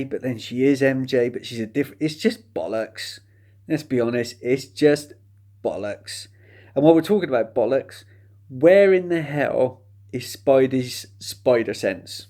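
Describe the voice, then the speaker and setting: A man's voice: medium pitch, a little slow, warm tone. A man giving a casual, chatty spoken film review, sardonic and mocking the plot.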